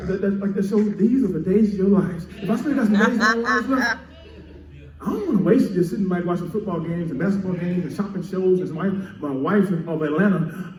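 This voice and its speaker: A man preaching a sermon as pastor, building up to shouts and calling for answers from the congregation. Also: sits high. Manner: preaching with rising shouts and call-and-response. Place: church sanctuary. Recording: echoey church, mic heard from a distance.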